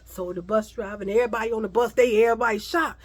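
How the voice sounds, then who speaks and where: A woman's voice: a little high, fairly even intonation, racing. A woman vlogger telling a dramatic, profanity-laden story in a storytime vlog.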